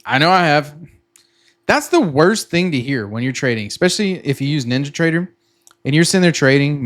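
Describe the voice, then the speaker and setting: A middle-aged man explaining a tech tool to viewers in a casual, rambling way, restarting often and acting out his own panicked reactions. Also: mid-range voice. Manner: chatty, repeats himself, acts out his own panicked reactions. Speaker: trading content creator. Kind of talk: casual explainer with sponsor pitch.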